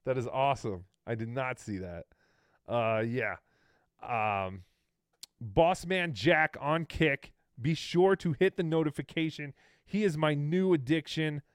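A man's voice: mid-range voice, measured pace, no room sound, clean studio sound. A man hosting a podcast, commenting on stream clips with sarcasm and frequent laughter. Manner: amused, sarcastic, laughing often. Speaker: podcast host reacting to clips. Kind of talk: casual commentary.

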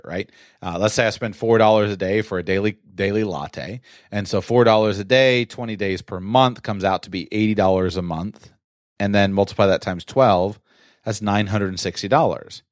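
A man with a fairly low voice talks through everyday money ideas in a relaxed, explanatory way. Now and then he plays his own mock-shocked thoughts, pushing his pitch up. The recording is close and dry, with no room sound. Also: no room sound. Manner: conversational, acts out mock-shocked self-talk with rising pitch. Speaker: personal finance presenter. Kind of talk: explanatory solo talk.

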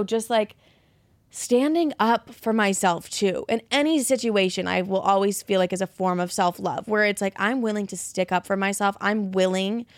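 A woman's voice: medium pitch, no room sound. A young woman hosting a podcast, talking casually and bluntly with lots of swearing, like a pep talk to her listeners. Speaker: podcast host. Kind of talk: casual monologue.

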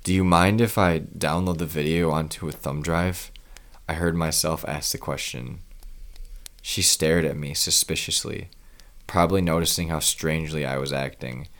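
A man narrating a first-person crime horror story in a measured, grim way. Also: rumbling low, a bit bright.

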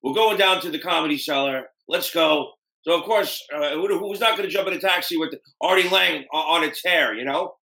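A man hosting a podcast, telling stories in a rambling, animated way. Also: a little high, brisk, creaky, hardly any pauses. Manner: rambling, animated storyteller doing voices. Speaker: podcast host. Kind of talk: casual podcast interview. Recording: echoey room with faint noise.

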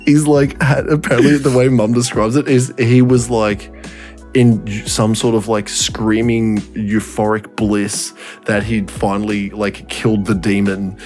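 A man's voice: fairly low pitch, level tone, a little slow, a little mellow, soft background music. A young man, co-hosting a podcast and telling a family story in casual chat, swearing often and laughing as he talks. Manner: swears a lot, laughs through his story. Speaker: podcast co-host.

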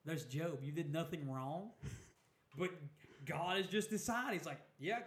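Animated man explaining in an echoey room. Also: a little high, a little slow. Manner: animated, preacher-like explaining with "you know" asides. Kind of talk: casual chat about the Bible.

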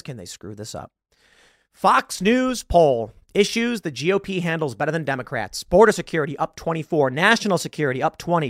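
A man's voice: fairly high pitch, a bit bright, no room sound, clean studio sound. A man hosting a political commentary monologue, talking in an emphatic, argumentative way and correcting himself as he goes. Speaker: host.

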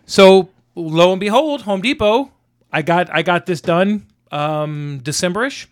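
A man telling a story in casual chat, animated and cursing, acting out both sides of a conversation. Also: high-pitched, a little slow, dry recording, clean studio sound. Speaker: veteran guest telling a story.

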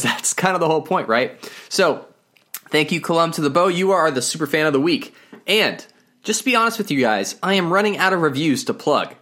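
A man's voice: a little high, pushed and bright. A man hosting a podcast as a Bible teacher, talking in an upbeat, chatty way and laughing easily. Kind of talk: casual podcast talk.

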